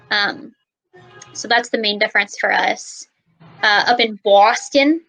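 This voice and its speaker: A woman's voice: medium pitch, steady tone, measured pace, vocal fry, pauses often, pushed and bright, rough recording. A woman with a Minnesotan American accent tutoring English on a video call, chatty and explaining with examples. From Minnesota, USA. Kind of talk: casual conversation lesson.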